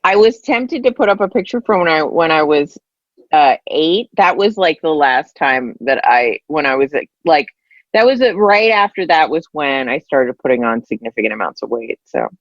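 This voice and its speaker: A woman in her forties hosting a podcast in casual, self-deprecating chat, with a raspy morning voice. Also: low-pitched, lively intonation, moderate pace, no echo, muffled recording. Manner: self-deprecating, laughs often. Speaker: podcast host.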